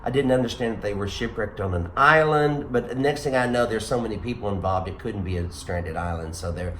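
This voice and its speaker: A man's voice: on the low side, brisk, fairly bright tone, a little hiss or hum. A man in his sixties hosting a casual chat, rambling and self-deprecating. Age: 60s. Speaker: host.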